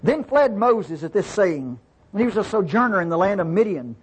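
A man teaching from the Bible in a relaxed, conversational way. He reads verses aloud, explains them, and keeps checking in with his listeners. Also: sits high, moderate pace, breathy edge.

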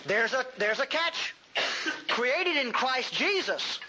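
A man's voice: very high voice, sing-song, takes it slowly, background noise. A male pastor preaching a sermon in a folksy, humorous and emphatic way.

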